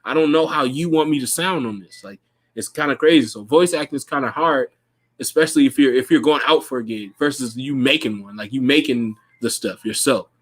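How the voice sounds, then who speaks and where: A man's voice: medium pitch, brisk. A man hosting a podcast in casual chat, loose and profane, laughing often. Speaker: podcast host.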